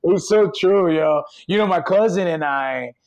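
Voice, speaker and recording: High-voiced man in animated chat. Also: a little slow. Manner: animated, rambling, swears casually. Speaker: podcast guest. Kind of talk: casual chat.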